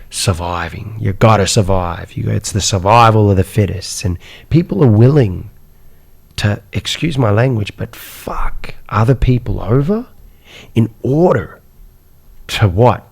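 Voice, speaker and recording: A man telling his life story as a podcast guest, animated, with repeated words and rhetorical questions. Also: on the low side, vocal fry. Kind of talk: personal storytelling in a podcast interview.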